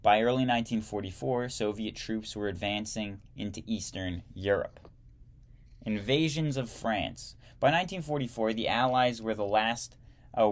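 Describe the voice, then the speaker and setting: Low-voiced man reading history text aloud, trips on words and fixes them, drops dry side comments. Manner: stumbles and corrects himself while reading, adds wry asides.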